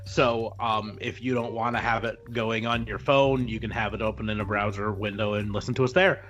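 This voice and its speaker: A man's voice: lowish voice, steady tone, moderate pace, a bit bright, dull audio. A man from Nebraska hosting a casual podcast, joking and laughing easily as he chats. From Nebraska, United States. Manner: jokey, laughs often, slips into a mock Canadian bit. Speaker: podcast host.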